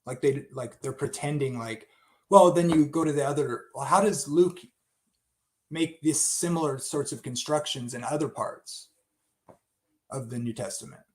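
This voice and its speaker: Man, unscripted Bible study talk, thinking aloud, restarts and asides, mid-pitched. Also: moderate pace.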